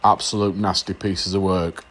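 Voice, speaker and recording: A man's voice: sits low, flat delivery, normal speed, fairly bright tone. A middle-aged man, chatting casually to camera on his model railway vlog, jokey and in mock outrage, dropping "the" from his sentences.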